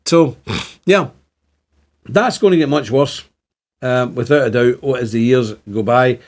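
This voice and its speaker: An unhurried, mid-range voice belongs to a Northern Irish man in his fifties whose accent bears an Ulster Scots tinge. Facing the camera, he delivers a fervent, repetitive monologue, rising to exclaim.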